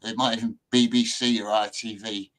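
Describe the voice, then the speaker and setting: A man's voice: lowish voice, level tone, normal speed, a bit bright, rough recording. A man from Britain hosts a loose, casual conversation. His delivery is laid-back and chatty, sprinkled with everyday British slang. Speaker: host. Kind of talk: casual chat.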